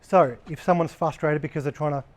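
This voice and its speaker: Blunt, slightly high-voiced male trainer. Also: steady tone, brisk. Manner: blunt, casual, swears freely. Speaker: workplace trainer. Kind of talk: training talk to a live group.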